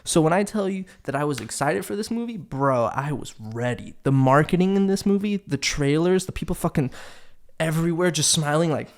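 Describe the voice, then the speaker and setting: A young man hosting a casual solo podcast, telling stories in an animated, profane, exasperated way. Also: fairly high pitch, fairly quick. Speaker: podcast host.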